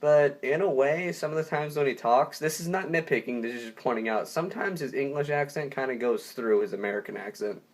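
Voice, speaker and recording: An enthusiastic young man talks through a movie review in a loose, unscripted way. He piles on superlatives and often backs up to restart a sentence. His voice sits at an ordinary middle pitch. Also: a little fast, few pauses. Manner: enthusiastic, rambling with frequent restarts. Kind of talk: casual spoken review.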